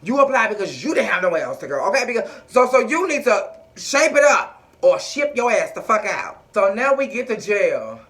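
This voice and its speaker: Woman, TV recapper. Bright, sassy, animated delivery with lots of swearing. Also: medium pitch, normal speed. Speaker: TV episode recapper. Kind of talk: casual episode recap.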